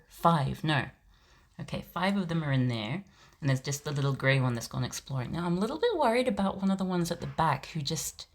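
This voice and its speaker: A woman streamer chatting casually on a live stream, often cooing at kittens in a high baby-talk voice and laughing often.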